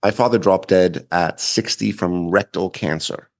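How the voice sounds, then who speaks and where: Low-voiced man hosting a chat. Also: measured pace, a little hiss or hum. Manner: filler-heavy, asks with frequent "right?". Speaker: podcast host. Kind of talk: casual interview chat.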